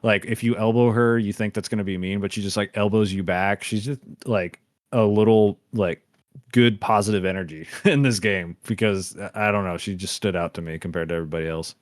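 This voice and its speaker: A man with a very low voice hosts a podcast in loose, casual chat. He rambles through fillers and restarts and laughs as he retells scenes. The recording is close and dry. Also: steady tone, fairly quick, dry recording. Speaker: podcast host.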